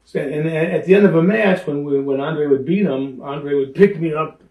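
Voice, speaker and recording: Older man spinning animated stories. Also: on the high side, normal speed, distant mic, muffled recording. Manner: animated, acts out the people in his stories. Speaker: former pro wrestler, interview guest. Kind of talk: lively anecdotal storytelling. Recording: roomy echo, speaker off-mic.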